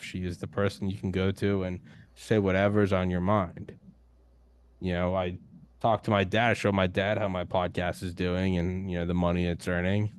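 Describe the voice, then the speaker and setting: A man's voice: low-pitched, dry recording. A young adult man who hosts a podcast, talking bluntly and emphatically in a casual roundtable, swearing often. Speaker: podcast host guest. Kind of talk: casual discussion.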